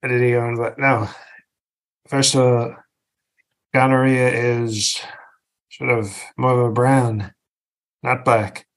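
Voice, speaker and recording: A comedian putting on a boastful older politician who rambles, stalls on "uh" and "you know," and veers from one tangent to the next. His voice sits at an ordinary middle pitch, delivered in a meandering comic podcast style. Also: flat delivery, slow pace, pauses often. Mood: rambling. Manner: meandering, self-interrupting, digressive bragging.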